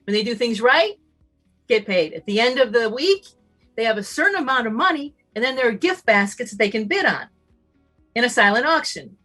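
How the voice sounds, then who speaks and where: A woman speaks as a summit guest in a slightly high voice, emphatic and animated. She acts out little bits of dialogue in shifting voices. Faint music sits behind her. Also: a little fast. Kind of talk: casual talk, motivational.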